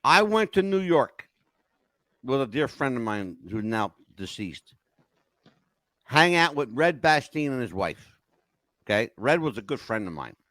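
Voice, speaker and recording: Older man, podcast host, lively swinging pitch, dry close sound. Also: a little slow, long pauses, no echo. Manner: animated storyteller, emotional swings. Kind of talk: casual chat.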